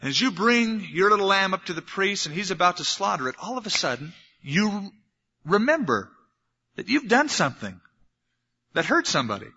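A man's voice: sits high, sing-song, normal speed, bright, forceful tone, husky, in a large hall. A man preaching a sermon, telling stories and acting out little scenes to make his point. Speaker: pastor. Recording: dull lo-fi sermon recording.

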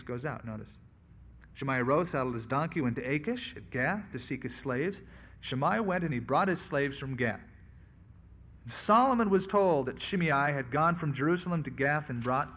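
A man's voice: mid-range voice, fairly bright tone. A man preaching a sermon on scripture in a conversational way, sometimes acting out the people he quotes. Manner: conversational, acts out quoted voices. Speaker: pastor.

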